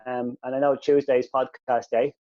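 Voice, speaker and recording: A man co-hosting a podcast, chatting in a quick, matter-of-fact and agreeable way. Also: medium pitch, level tone. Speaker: podcast co-host. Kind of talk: casual podcast chat. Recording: dull, muffled lo-fi sound.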